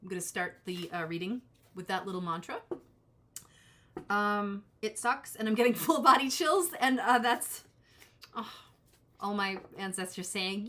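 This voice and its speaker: A woman's voice: medium pitch, moderate pace, pushed and bright. A woman hosting a live tarot reading, chatting casually with viewers and drifting into self-deprecating asides. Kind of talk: casual live-stream chat.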